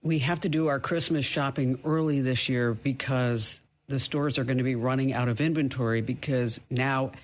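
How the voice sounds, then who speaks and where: A woman's voice: a bass voice, steady tone, normal speed, few pauses. A woman hosting a podcast interview who talks in a chatty way, with storytelling asides. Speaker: podcast host.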